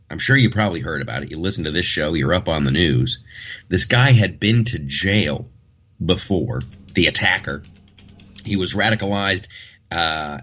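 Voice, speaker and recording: A man's voice: low-pitched, a bit bright. A man hosting a casual comedic talk show, rambling and joking with frequent restarts.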